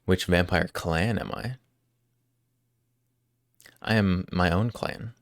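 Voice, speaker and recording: Deep-voiced joking streamer man. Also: slow, no room sound, studio quality. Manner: joking and rambling, answering chat questions. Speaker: live streamer. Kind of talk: casual live-stream chat with viewers.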